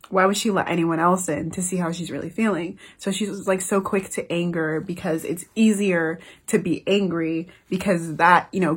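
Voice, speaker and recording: A woman's voice: on the low side, slightly rough. A young woman talking casually about a book she loves, gushing and emotional, swearing freely. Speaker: book reviewer. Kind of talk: casual book review chat.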